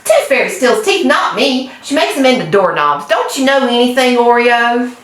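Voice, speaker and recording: A woman's voice: on the high side, sing-song, normal speed, a bit bright. A woman voicing a sassy, ornery little country girl in a storybook read-aloud, mocking in a singsong way. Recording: echoey room, distant mic.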